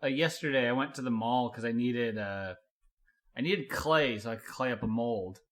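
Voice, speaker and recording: A man's voice: mid-range voice, moderate pace. A man in his thirties co-hosting a podcast, telling a rambling story in casual chat and laughing often. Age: 30s. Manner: rambling, laughs a lot, acts out quotes. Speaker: podcast co-host.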